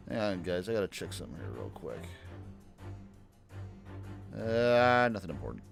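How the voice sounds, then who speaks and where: A man's voice: deep voice, sing-song, moderate pace, creaky, pauses often. A man streaming a game, joking in self-mocking asides while reading the text aloud. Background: game music.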